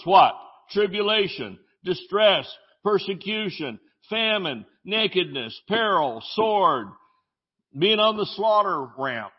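Animated man preaching a sermon. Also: sits high, takes it slowly, slightly rough. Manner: preaching with scripture, jokes and sudden shouts. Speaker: pastor. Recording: dull lo-fi audio.

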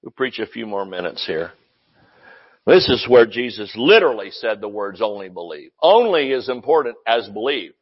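A man preaching a sermon as pastor, fiery and loud, breaking into shouts and joking with the congregation. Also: lowish voice, sing-song, normal speed, husky, muffled recording.

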